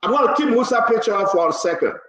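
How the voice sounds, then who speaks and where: A man hosting a live talk show, reading out viewer names and growing loud and animated. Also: very high voice, quick pace, roomy sound, poor audio. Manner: animated, rising to loud exclamations. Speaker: livestream talk show host.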